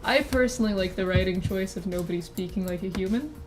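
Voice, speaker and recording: Talking fast at a medium pitch over music, a woman VTuber chats while drawing on stream. Her casual talk rambles and keeps getting interrupted by her own giggly asides.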